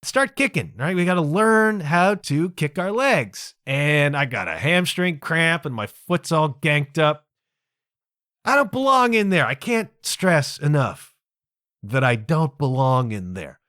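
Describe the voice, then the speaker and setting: Male podcast host, 50s, exasperated, self-mocking storyteller, animated delivery, dry sound. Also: on the high side, measured pace, no echo. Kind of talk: comedic storytelling monologue.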